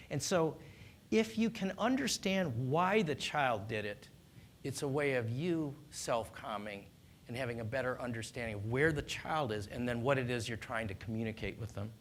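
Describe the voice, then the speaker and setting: Male doctor, mid-pitched, calm and instructive, faint low rumble behind. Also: moderate pace. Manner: calm, earnest, instructive, with small restarts. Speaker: doctor giving parenting advice. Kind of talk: explanatory talk on child discipline.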